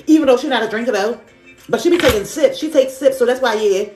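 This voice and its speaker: A woman's voice: on the high side, a little fast, reverberant, music in the background. A woman reading tarot on a live stream, affirming and repeating herself in casual, slangy talk. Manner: affirming, repetitive, chatty with slang. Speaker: spiritual reader on a live stream. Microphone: phone on a live stream.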